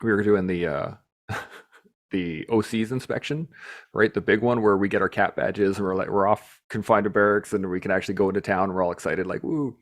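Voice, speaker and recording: A man hosting a podcast, telling stories in a casual, animated way, swearing freely and laughing as he talks. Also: on the low side, a little fast. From Canada. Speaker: podcast host. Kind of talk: casual storytelling chat.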